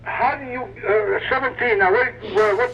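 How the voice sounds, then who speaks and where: Phone caller, man, hesitant and stammering, high pitched, muffled line. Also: creaky, bright, forceful tone, slight background noise. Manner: halting, stammering questions. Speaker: person on phone call.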